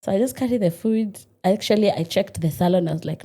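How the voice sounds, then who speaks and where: Kenyan businesswoman guest, animated storyteller, mellow middle-pitched voice. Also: fast. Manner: animated, laughs often while telling stories. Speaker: restaurant owner, guest. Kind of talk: casual storytelling interview.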